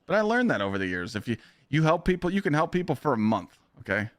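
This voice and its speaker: A man's voice: fairly high pitch, very animated, fast, no room sound. A man streaming live, ranting bluntly and heatedly with lots of swearing.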